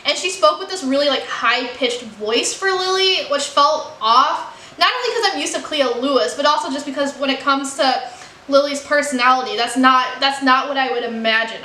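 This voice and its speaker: A woman's voice: sits high, sharp tone, echoey room, a little hiss or hum. A woman from the United States chatting candidly in a casual book review vlog, with frequent "like" and "you know.". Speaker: book vlogger.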